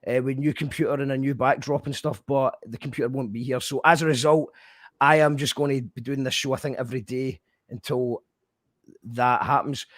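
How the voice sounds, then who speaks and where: A man's voice: mid-range voice, fairly even intonation, fairly quick, a bit bright, no echo. A man with a Scottish accent hosting a casual radio interview, chatty and swearing casually. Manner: chatty, swears casually, reads out listener comments. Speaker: radio show host.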